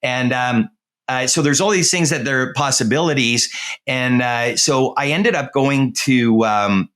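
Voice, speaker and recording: A man's voice: medium pitch, measured pace, fairly bright tone. A middle-aged man, a real estate agent, casually telling a story in an interview, full of "uh", "um" and restarts. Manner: rambling, full of fillers and restarts.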